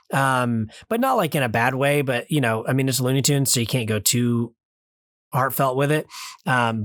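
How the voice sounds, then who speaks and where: A man's voice: medium pitch, a bit bright, no echo. Rambling man with a dry, close sound. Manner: rambling, hesitant, many fillers and restarts. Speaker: podcast co-host reviewing a film. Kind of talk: casual review chat. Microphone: remote call mic.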